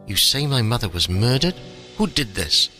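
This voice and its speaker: A man reading the part of a curt, insistent gray-haired man in his late fifties, with soft music underneath. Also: medium pitch, big pitch swings, normal speed.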